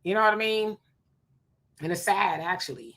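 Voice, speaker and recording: Woman host on a live stream, bright voice, talks loose and animated, reads chat comments out. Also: mid-range voice, moderate pace. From California. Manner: animated, conversational, reads viewer comments aloud.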